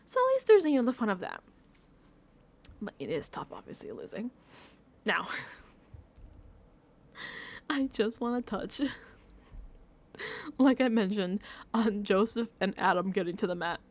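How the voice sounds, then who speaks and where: A woman's voice: medium pitch, very animated, unhurried, pauses often. A woman vlogging a casual recap of a reality show, telling stories animatedly with lots of fillers and laughter.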